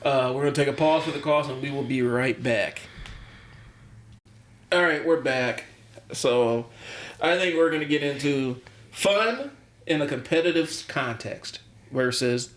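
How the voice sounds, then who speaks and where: A man's voice: medium pitch, a bit bright. A man co-hosting a casual coaching podcast, rambling with many ums and restarts and an occasional chuckle. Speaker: podcast co-host, basketball coach. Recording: roomy echo.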